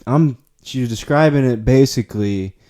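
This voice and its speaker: A man's voice: mid-range voice, normal speed, dark tone. A young man hosting a podcast, chatting casually and telling a rambling, laughing story with plenty of swearing. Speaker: podcast host. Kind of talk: casual chat.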